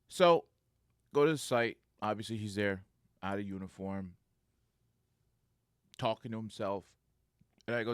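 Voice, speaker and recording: A man, a security supervisor, telling a casual anecdote in an animated way and laughing often. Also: lowish voice, unhurried, pauses often, clear, resonant tone, dry recording, studio quality.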